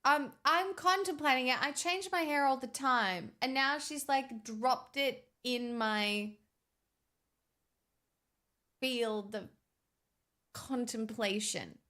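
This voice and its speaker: A woman's voice: sits high, slow pace, pauses often, bright, forceful tone. A young woman streaming, chatting casually with her viewers in a sarcastic, bantering way. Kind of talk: casual livestream chat.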